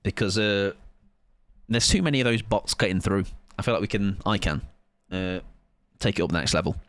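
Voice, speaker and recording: A man's voice: lowish voice, moderate pace, dry recording. A man, chatting casually with viewers as a game streamer in a playful, rambling, self-mocking way.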